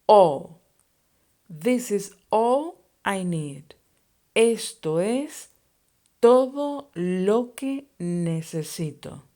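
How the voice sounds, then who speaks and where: Slow, deliberate teacher woman. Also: mid-range voice, lively intonation, mellow. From Spain. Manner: slow and deliberate, explaining phrases and conjugations. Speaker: Spanish teacher. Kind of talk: scripted language lesson.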